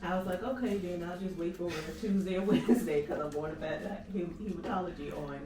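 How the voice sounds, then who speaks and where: A woman vlogger, telling a lively story in casual chat and acting out each conversation. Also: lowish voice, fairly quick, noisy background. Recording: echoey room, far from the mic, music behind.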